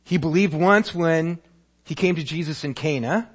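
A man's voice: on the high side, normal speed, husky. A male pastor preaching a sermon, telling a story vividly and acting out its scenes. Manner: animated storytelling, acts out scenes.

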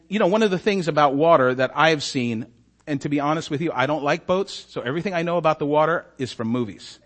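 A man preaching a sermon as a story, acting out the characters' lines and often asking the congregation "right?". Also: medium pitch. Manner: animated, acts out voices, asks "right?".

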